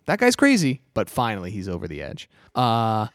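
A man co-hosting a podcast, trading crude jokes in a mid-pitched voice with a lively, varied delivery. He swears often, and the recording is dry and close. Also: moderate pace, vocal fry, dry recording. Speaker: podcast co-host. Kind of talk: casual chat, reading lyrics aloud.

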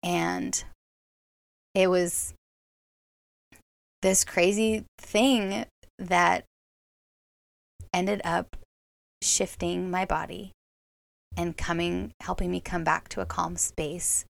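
A woman hosting a podcast, telling a personal story in a reflective, halting way with many fillers and restarts. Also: fairly low pitch, fairly even intonation, creaky, dry recording. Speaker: podcast host.

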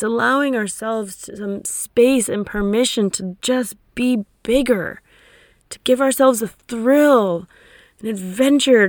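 A woman's voice: on the high side, no echo, studio quality. Fired-up woman coaching listeners. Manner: energetic, emphatic, swears casually. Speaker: coach and podcast host. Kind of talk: motivational solo talk.

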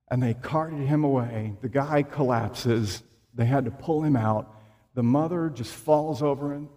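A man preaching a sermon in a church, slow and emphatic, with dramatic pauses. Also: medium pitch, warm tone. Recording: long reverb of a large room.

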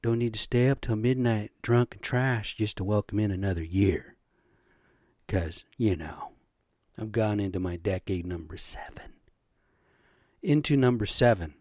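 A man's voice: on the low side, steady tone, normal speed, darkish tone, no room sound, studio quality. A man in his late fifties, a podcast host, rambling through a blunt, profane casual monologue. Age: 50s.

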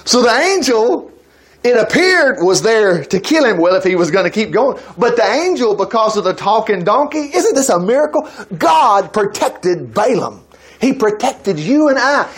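A man's voice: very high-pitched, slightly rough. A man preaching a sermon at a church service, retelling a Bible story with folksy asides and laughter.

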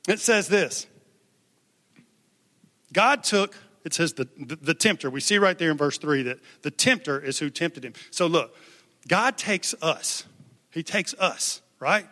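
A man's voice: on the high side, animated, a little slow, pushed and bright. A male pastor preaching a sermon in an emphatic, conversational way, calling on the congregation to respond. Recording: long hall reverb.

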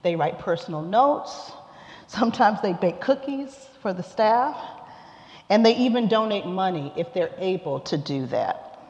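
A lay preacher reading scripture and giving a sermon in a church sanctuary, with a measured, deliberate delivery. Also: medium pitch, animated, a little mellow. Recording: echoey hall, dull sound.

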